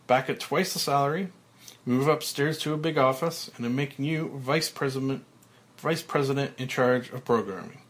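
A man reading a script aloud, voicing a panicked middle-aged male TV executive who shouts and pleads. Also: medium pitch, normal speed, lightly acted. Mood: elated.

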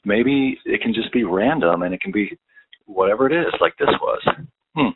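A man's voice: lowish voice, animated, moderate pace, noisy background. A middle-aged man on a phone chatline, swearing constantly and rambling about his loneliness. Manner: crude, swears a lot, rambling and self-pitying. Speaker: caller. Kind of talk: casual chat. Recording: tinny phone line.

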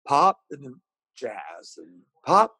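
Husky-voiced man telling stories. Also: medium pitch, takes it slowly, dry recording, rough recording. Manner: rambling, animated, with many restarts. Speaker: interview guest, singer. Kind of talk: casual storytelling.

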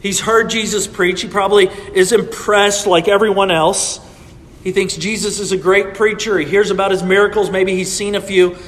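A man's voice: high voice, steady tone, normal speed, fairly bright tone, long reverb tail. A man preaching a sermon to his church in a conversational way, often checking in with his listeners. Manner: conversational preaching with frequent "right?" asides. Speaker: pastor. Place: church sanctuary.

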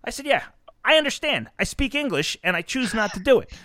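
A man's voice: very high voice, a little fast, no room sound, clean studio sound. A man hosting a podcast, telling stories in casual chat, acting out exchanges and swearing freely. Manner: animated storyteller, acts out exchanges, swears freely. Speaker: podcast host.

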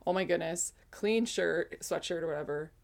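A woman's voice: lowish voice, moderate pace, gravelly. A woman in her forties telling a casual personal testimony, rambling with frequent self-corrections. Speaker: speaker sharing a spiritual testimony.

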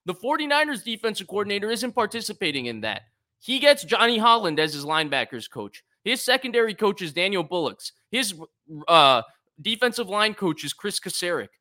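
A man's voice: sits high, big pitch swings, a little fast, pushed and bright. A man co-hosting a sports talk show, laying out his arguments point by point in an analytical way. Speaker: co-host, football analyst.

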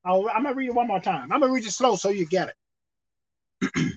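High-voiced man preaching a fiery sermon. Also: lively intonation, husky, no room sound. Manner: emphatic, repeats lines, reads scripture slowly, bursts into shouting. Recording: dull lo-fi dry recording.

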